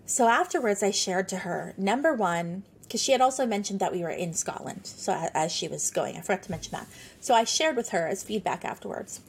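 A woman in her thirties speaks at a mid-range pitch with a soft, breathy edge to her voice. She hosts her own podcast and tells a personal story in a chatty, earnest way, often circling back with casual fillers. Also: expressive, a little fast. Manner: chatty, earnest, sprinkles talk with "like". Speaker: podcast host.

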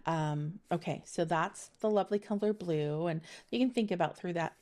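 A woman's voice: on the low side, moderate pace, warm tone. A middle-aged woman giving a casual intuitive energy reading, chatty and meandering with many fillers, laughing easily. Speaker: spiritual reader giving a monthly energy reading.

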